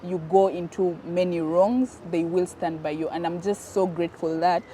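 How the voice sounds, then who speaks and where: A woman's voice: fairly low pitch, fairly even intonation, moderate pace, warm tone, slight background noise. A woman answering interview questions about her online content, emphatic and a little defensive, often repeating her points.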